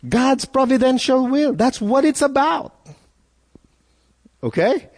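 A man's voice: extremely high pitch, lively intonation, slow pace, a little mellow. A man preaching a sermon as pastor, earnest and full of rhetorical questions, often repeating words as he builds a point. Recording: long reverb in a hall.

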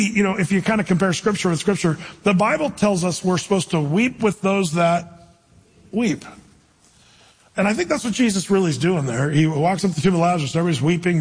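High-voiced man preaching in an echoey hall. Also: a little fast, breathy edge. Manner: animated, acts out quoted voices, asks the audience questions. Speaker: pastor. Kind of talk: sermon.

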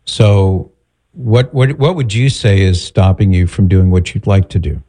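A man speaks with a deep, warm voice, giving measured, direct advice. His delivery is calm and steady. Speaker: host giving advice to a caller. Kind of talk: advice call-in talk.

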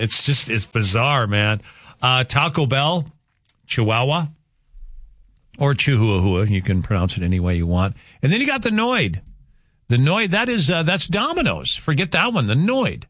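A man's voice: lowish voice, fairly bright tone, no echo. A man hosting a local morning radio show, chatting loosely with plenty of fillers before reading sports news. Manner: rambling, chatty, many fillers. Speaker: radio host. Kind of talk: casual morning radio chat and sports update. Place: radio studio.

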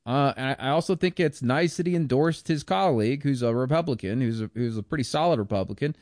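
A man's voice: mid-range voice, quick pace, darkish tone, no echo, studio quality. A man giving a blunt, scornful, rambling political commentary monologue.

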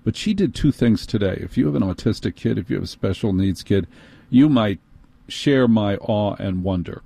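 Middle-aged new york radio guy ranting, sardonic, mellow voice, dry close mic. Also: on the low side, lively intonation, vocal fry, husky, no echo. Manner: sardonic, exasperated, quick bursts. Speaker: radio talk host. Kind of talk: ranting storytelling monologue.

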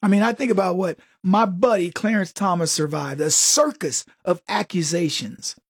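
A man's voice: sits high, normal speed, breathy edge, no echo, studio quality. A man delivering a sarcastic, folksy political commentary monologue full of joking asides.

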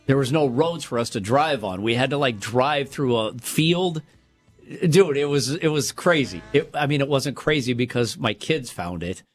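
A man's voice: mid-range voice, lively intonation, moderate pace, faint music behind. A man co-hosting a talk show, telling a long story in a rambling way and correcting himself as he goes. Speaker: radio show co-host. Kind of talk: casual chat.

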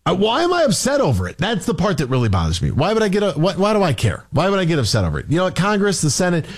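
Exasperated high-voiced male radio host. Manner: exasperated, rhetorical questions. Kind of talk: heated sports talk rant.

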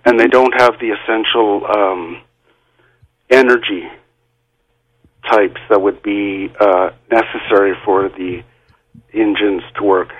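A man answering as a guest on a radio show, halting, with many fillers and restarts. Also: lowish voice, fairly even intonation, slightly rough, muffled recording.

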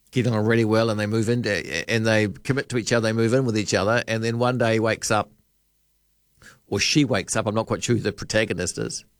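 A man's voice: on the low side, no room sound. A man hosting a talkback radio show, rambling and joking as he thinks aloud at a studio microphone. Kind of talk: casual radio chat.

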